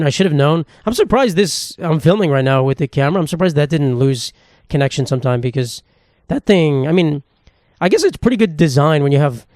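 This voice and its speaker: A man's voice: a little high, darkish tone, dry recording, clean studio sound. A man in his twenties hosting a solo podcast, rambling with crude, self-mocking humor. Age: 20s. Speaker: podcast host. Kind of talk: casual solo podcast monologue. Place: indoor room, at a table.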